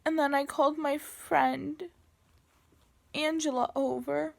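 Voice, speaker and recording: A young woman with a high, gravelly voice speaks slowly, telling a painful personal story straight to camera. She pauses often and restarts her sentences, her delivery halting and heavy with emotion. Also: fairly even intonation, darkish tone.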